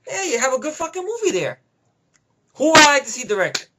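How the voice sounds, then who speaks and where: A man's voice: very high-pitched, big pitch swings, brisk, heavy background noise. A man giving a rambling, profane movie review rant, heavy on emphatic opinions.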